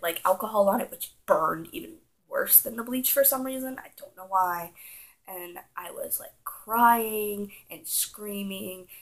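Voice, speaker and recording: A young woman telling a childhood story in a casual, animated vlog style, acting out her own younger self's panic. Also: mid-range voice, gravelly, rough recording. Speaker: vlogger.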